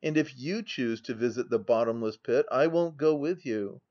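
Man voicing a despairing young gentleman. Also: medium pitch, moderate pace, highs cut off, natural voice. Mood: solemn. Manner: agitated and solemn.

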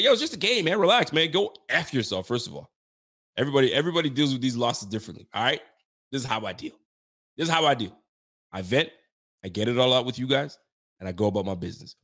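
A man's voice: medium pitch, fairly bright tone. Frustrated young man ranting after a loss. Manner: frustrated, venting, repetitive, slangy. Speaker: sports podcast host. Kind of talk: heated postgame rant.

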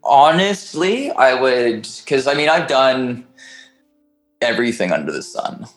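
Man, podcast guest, casual storytelling, rambling, restarts, mid pitch, faint music behind. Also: sing-song, a little slow, poor audio. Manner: rambling, frequent restarts and fillers, casual swearing.

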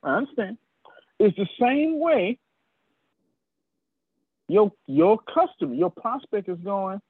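A man, preaching sales with a husky voice and pitch that swings wildly up and down. He talks straight to his listeners by name and curses freely. The sound is a tinny, phone-like, dry video call. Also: sing-song, takes it slowly, long pauses, dry recording. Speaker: sales trainer. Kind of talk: animated preacher-like teaching.

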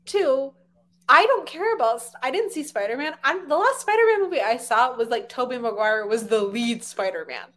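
Young woman, casual podcast chatter, filler-heavy, high-ish voice. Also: moderate pace. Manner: chatty, lots of fillers, animated asides. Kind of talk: casual chat.

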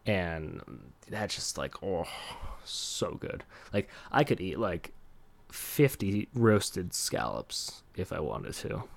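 A man's voice: sits low, very animated, slow pace, creaky, no echo. A young man hosting a casual solo podcast, rambling with lots of fillers and laughing at himself. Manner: rambling, filler-heavy, self-deprecating, laughs often. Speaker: podcast host.

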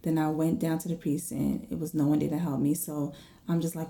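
A woman in her thirties casually telling viewers a story, animated, acting out the voices and dropping into whispers. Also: low-pitched, brisk, vocal fry. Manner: animated, acts out her own and others' voices, drops to whispers.

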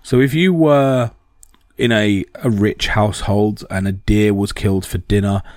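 A man's voice: low-pitched, a little mellow, no room sound, studio quality. A man explaining in a casual, rambling talk with many ums and restarts.

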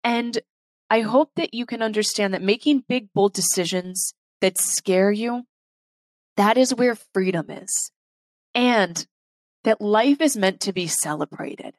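A woman hosting a podcast, speaking earnestly and from the heart in an unhurried solo monologue. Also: medium pitch, no room sound. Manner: reads a poem aloud slowly and softly. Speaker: podcast host. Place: London.

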